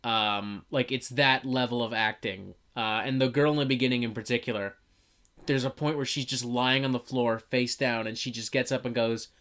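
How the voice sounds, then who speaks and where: A woman with a notably low voice talks in a loose, casual chat. She rants in an animated way, swears freely and mocks the things she describes. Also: moderate pace. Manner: animated, profane, mocking impressions. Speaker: podcast co-host reviewing a film.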